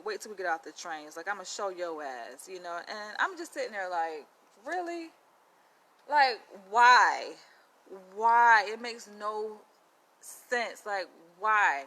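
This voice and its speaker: Bright-voiced woman telling a story. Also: fairly low pitch, slight background noise, low-quality recording. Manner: chatty, animated, lots of "like" and "you know". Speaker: vlogger. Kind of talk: casual storytelling to camera.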